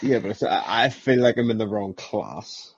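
Hesitant husky podcast guest man. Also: lowish voice, lively intonation, normal speed, dry recording, dull audio. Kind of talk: casual chat.

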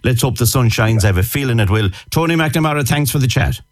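A man's voice: medium pitch, expressive, quick pace. A man with an Irish accent presenting a live radio outside broadcast from an outdoor event, chatty and upbeat, repeating names and phrases as he goes.

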